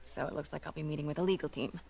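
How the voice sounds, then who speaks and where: An actress voicing a sharp, probing young woman reporter in a game. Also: sits low, fairly even intonation, racing, creaky. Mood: wry. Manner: probing, wry.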